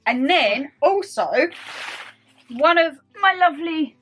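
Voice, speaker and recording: A young woman from England vlogging at home, chatting excitedly and gushing over gifts. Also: high-pitched, takes it slowly, faint music behind. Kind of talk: casual chat.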